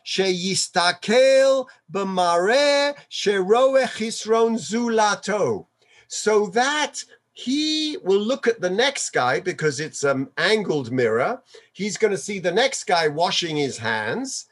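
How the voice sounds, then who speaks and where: Slow, high-voiced rabbi giving a sermon. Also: male voice, sing-song, fairly bright tone. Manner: chuckles often while explaining. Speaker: rabbi teaching Torah. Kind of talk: Torah sermon mixing Hebrew quotations.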